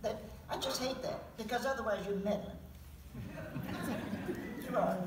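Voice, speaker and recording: A woman's voice: fairly high pitch, unhurried, pauses often, slight background noise. A woman in her seventies, a poet telling stories and reading poems to an audience, candid, with chuckling asides. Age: 70s. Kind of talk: storytelling talk with poetry reading. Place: auditorium at a public event. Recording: roomy sound from a distant mic.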